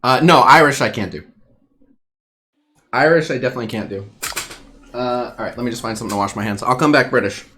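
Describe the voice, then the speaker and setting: A man's voice: medium pitch, quick pace, long pauses, pushed and bright, a little hiss or hum. A man on a voice call with friends, dropping dry sarcastic jokes. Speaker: stream guest. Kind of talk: casual voice-chat banter.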